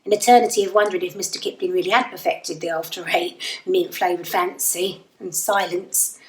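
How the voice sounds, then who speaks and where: A woman's voice: fairly low pitch, steady tone, brisk, roomy sound, far from the mic, close to an everyday voice, low-quality recording. An actress playing a wry, self-deprecating young Englishwoman lost in a void, telling her story in a dry, rambling audio drama monologue. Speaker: narrator and lead character.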